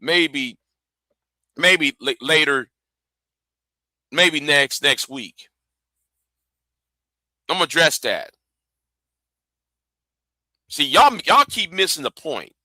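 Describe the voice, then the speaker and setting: A man's voice: on the high side, animated, slow pace, pauses often, sharp tone, dry recording. A man hosting a livestream, ranting angrily and profanely, often repeating himself and stumbling over words. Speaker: livestream host. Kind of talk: heated livestream rant.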